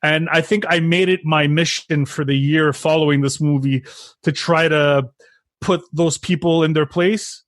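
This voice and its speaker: A podcast guest, a man with a somewhat high voice, gives frank opinions at a quick clip. His voice sounds dry and close, with no room around it. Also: fairly even intonation, fairly bright tone, no echo. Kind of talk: casual chat.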